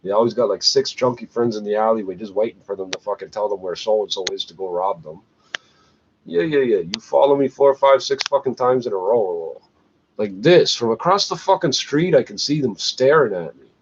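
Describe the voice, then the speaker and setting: A man's voice: fairly low pitch, expressive, a little fast. A man ranting angrily and sarcastically, swearing constantly and laughing between complaints. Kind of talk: profane ranting monologue. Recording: muffled lo-fi recording with faint background hiss.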